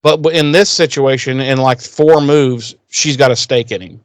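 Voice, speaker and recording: A man co-hosting a podcast, recapping a TV episode in casual chat, animated and profane. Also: mid-range voice, moderate pace, no room sound. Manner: profane, animated retelling with acted quotes. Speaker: podcast co-host.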